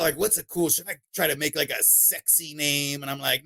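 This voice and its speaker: A man in a casual interview, talking about his narration work in an animated, giggly way with plenty of fillers. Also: a little high, fairly quick, slightly rough, no room sound. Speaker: guest, audiobook narrator.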